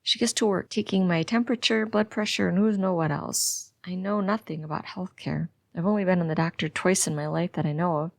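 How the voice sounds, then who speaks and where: A woman's voice: lowish voice, brisk, creaky, hardly any pauses, no echo, clean studio sound. A woman narrating a psychological thriller audiobook in the first person, in a tense, anxious way.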